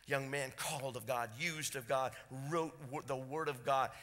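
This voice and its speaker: A pastor preaching a sermon, swinging between loud, fervent passages and hushed, intense ones. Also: male voice, medium pitch, steady tone, moderate pace. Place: church sanctuary. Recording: church sanctuary reverb.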